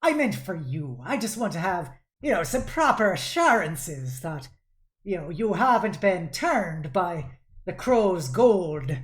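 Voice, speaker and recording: A woman's voice: lowish voice, sing-song, unhurried. A woman game master narrating a tabletop game, laughing often between scenes.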